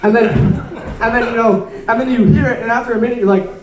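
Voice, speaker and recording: A young man in his late teens works through a stand-up set, his voice sitting noticeably high. He rambles, trips over his words and pokes fun at himself. The sound is roomy and picked up from some distance away in a club. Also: animated, brisk. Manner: rambling, self-deprecating, stumbling delivery. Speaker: stand-up comedian. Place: comedy club stage.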